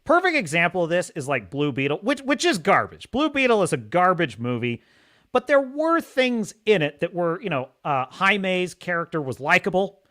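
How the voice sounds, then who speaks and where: A man's voice: on the high side, a bit bright. A man hosting a podcast, giving opinionated casual commentary in a mocking way and laughing often. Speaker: podcast host.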